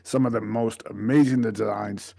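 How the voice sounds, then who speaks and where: Gravelly laid-back podcast man. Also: lowish voice, fairly even intonation, normal speed, mellow, no echo. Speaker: podcast co-host. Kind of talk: casual chat.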